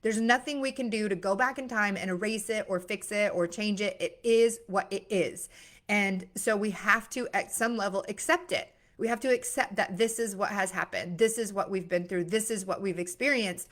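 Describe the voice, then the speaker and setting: A woman's voice: medium pitch, normal speed, a bit bright. A young woman giving a casual motivational talk, earnest, with many fillers and restarts. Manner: acts out worried voices with sudden gasps. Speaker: mindset coach. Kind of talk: motivational monologue.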